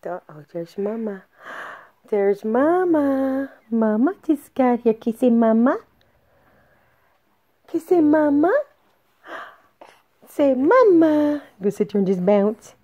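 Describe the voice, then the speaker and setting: Grandma cooing at a baby, really slow, high and swooping, dull lo-fi home video. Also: female voice, animated. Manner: slow, soft, sing-song coaxing. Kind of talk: baby talk to an infant.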